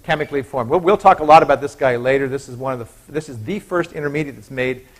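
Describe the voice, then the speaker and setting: A biochemistry professor with a mid-range voice gives a university lecture at a quick pace. He's chatty and often stops to correct himself.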